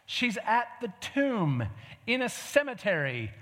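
A man's voice: high-pitched, big pitch swings, slow pace, a bit bright, in a large hall. A man preaching a sermon in a conversational, storytelling way, full of rhetorical questions.

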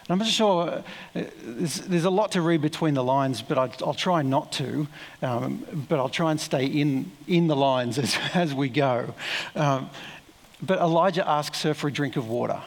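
A man's voice: fairly high pitch, in a large hall. A man preaching a sermon in a conversational, reflective way, with asides and self-corrections.

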